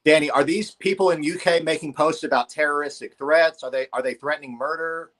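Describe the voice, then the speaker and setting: A man's voice: fairly high pitch, fairly quick, a bit bright. A man hosting a casual podcast chat, asking earnest and mock-incredulous questions. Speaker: podcast host.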